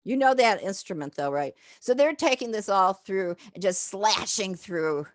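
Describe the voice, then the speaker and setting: A woman's voice: mid-range voice, lively intonation, moderate pace, no room sound, clean studio sound. An older woman, a professor, giving a chatty, digressive slide lecture full of fillers and asides.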